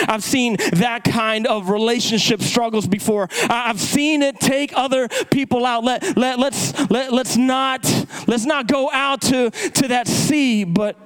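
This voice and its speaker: A man preaching a sermon, impassioned, repeating words and swinging his pitch up and down for emphasis. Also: fairly even intonation, a little slow, hardly any pauses, fairly bright tone, smooth, rough recording.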